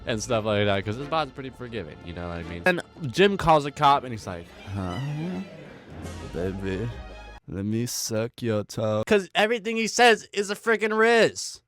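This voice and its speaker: A man's voice: a little high, big pitch swings, brisk, few pauses, a bit bright, faint music behind. A young man giving a casual, rambling, wisecracking recap commentary, full of slang. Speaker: commentary host.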